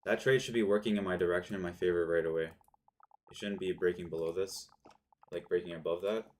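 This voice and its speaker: A man's voice: deep voice, fairly even intonation, fast talker, slight background noise. A man talking through his day trades live, frustrated and hard on himself, swearing and saying "man" and "bro". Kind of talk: live trading commentary to himself.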